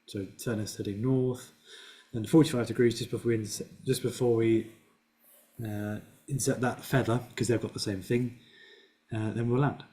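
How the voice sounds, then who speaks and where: A man's voice: mid-range voice, fairly even intonation, moderate pace, mellow. Patient man explaining a flying lesson. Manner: patient, explaining step by step with fillers. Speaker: flight instructor. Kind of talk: casual online flying lesson.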